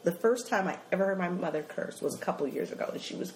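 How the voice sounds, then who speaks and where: A woman telling funny family stories in casual chat, animated and full of acted-out voices. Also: on the low side, fast, a little hiss or hum. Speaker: comedian storyteller. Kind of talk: comic storytelling chat. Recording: echoey room.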